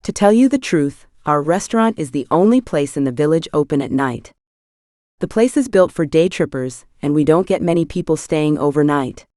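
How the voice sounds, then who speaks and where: Schmidt is a wary male hotel manager in an audiobook, stiffly polite and clipped, as a woman reads him. His voice is low and dry. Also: lively intonation, normal speed, dark tone, dry recording. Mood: strained.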